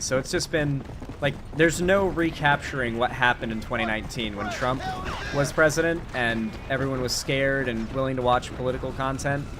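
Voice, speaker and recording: A man's voice: medium pitch, noisy background. A man with a Florida accent chatting casually and swearing while he plays a game and talks politics. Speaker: streamer and political commentator. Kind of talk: casual commentary while gaming.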